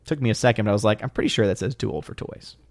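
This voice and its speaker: A man's voice: on the low side, racing, gravelly, no room sound, clean studio sound. A man hosting a live stream, reading viewer comments aloud and chatting about them, thinking aloud with restarts and small laughs. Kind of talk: casual live stream chat.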